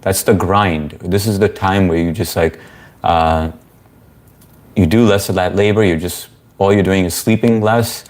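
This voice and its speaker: A man's voice: low voice, a little mellow. A young man hosting a casual live-stream Q&A, chatting loosely and reading viewer comments aloud. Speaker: livestream host answering chat.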